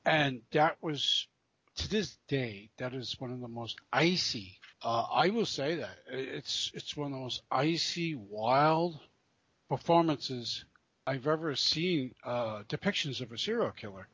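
A man co-hosting a podcast, talking about old films in a halting way, often repeating words and restarting sentences. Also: medium pitch, expressive, fairly bright tone, breathy edge, no echo. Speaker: podcast co-host. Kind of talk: casual chat. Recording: dull lo-fi podcast audio.

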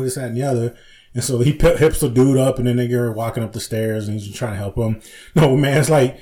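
A fast-talking man with a medium-pitched, darkish voice co-hosts a laid-back podcast. He swears freely and laughs often while recounting comedy sketches with acted-out dialogue.

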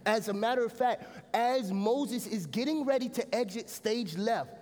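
A man preaching a lively sermon as pastor, often turning to the congregation with a quick "right?". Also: extremely high pitch, long reverb tail. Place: church sanctuary. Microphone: stage mic.

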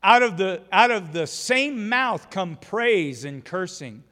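Man, pastor, sermon, high voice, animated exhorting, long church reverb. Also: takes it slowly. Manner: animated, exhorting, acts out scenes.

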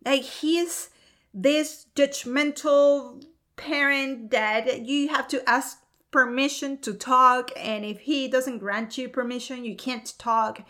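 A woman with a high, bright voice tells a personal story of faith with warmth. She speaks earnestly and with feeling, and little laughs break through her words. She is a young adult and a mother of two. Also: fairly even intonation, takes it slowly.

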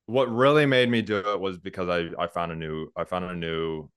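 Deep-voiced former police officer. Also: male voice, moderate pace, clean tone, no room sound, clean studio sound. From United States. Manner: relaxed, laughs often, restarts sentences. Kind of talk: casual interview conversation.

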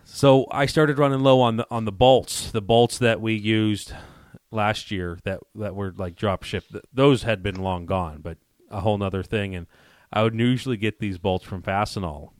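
A man co-hosting a casual chat, telling a story with quick laughs and acting out both sides of a phone call. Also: on the low side, no echo, studio quality. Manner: animated storyteller who acts out both sides of phone calls, laughing as he goes. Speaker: podcast co-host.

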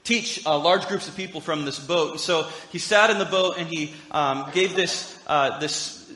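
Pastor guy, high bright voice, chatty sermon w jokes, big reverby church. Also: moderate pace. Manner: conversational storytelling with humorous asides. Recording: echoey hall reverb.

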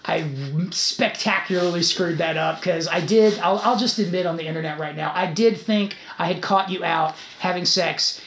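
A man's voice: sits high, steady tone, moderate pace, hardly any pauses, fairly bright tone. A man hosting a casual podcast, chatty and swearing freely as he talks. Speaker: podcast host. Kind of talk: casual chat. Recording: echoey room.

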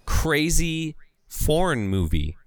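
A man's voice: fairly high pitch, big pitch swings, takes it slowly, no echo, clean studio sound. A man co-hosting a podcast, talking casually about a film in a hesitant way full of fillers. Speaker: podcast co-host. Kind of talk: casual film review chat.

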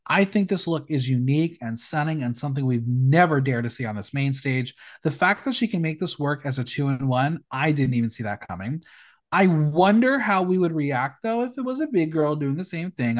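A man's voice: fairly high pitch, expressive, brisk. A man hosting a podcast, recapping a show in casual chat and reading out judges' comments with emphatic, campy delivery. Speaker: podcast host.

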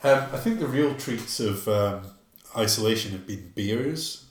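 A man's voice: fairly low pitch, lively intonation, unhurried, echoey room. A man co-hosting a podcast in casual chat, dry and joking, with many ums. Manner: dry, joking, says um often. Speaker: podcast co-host.

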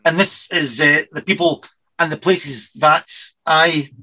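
Bright-voiced rambling male whisky host. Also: on the high side, a little slow, poor audio. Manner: rambling, self-correcting storyteller. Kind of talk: casual radio chat.

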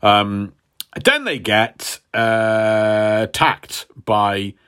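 A man's voice: lowish voice, very slow, bright, forceful tone, clear, resonant tone. A man, a podcast co-host, casually retelling a comic story and acting out the characters' lines. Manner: rambling retelling, acts out quotes. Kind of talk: casual chat.

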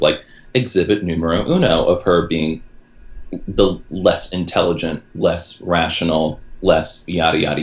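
A man's voice: low-pitched, dull audio. A man co-hosting a podcast in casual chat, dropping short wry quips and asides. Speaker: podcast co-host.

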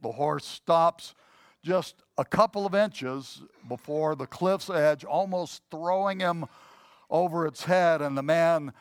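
A conversational preacher, dry and close. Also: male voice, a little high, slow pace, no echo. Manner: conversational, with many fillers and restarts. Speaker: pastor. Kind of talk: sermon with a told joke story.

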